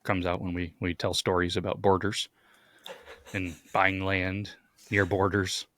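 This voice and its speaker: A man's voice: low-pitched, level tone, measured pace, fairly bright tone, dry recording. A man co-hosting a podcast in casual chat, who laughs easily and reads facts aloud in a dry way. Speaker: podcast co-host.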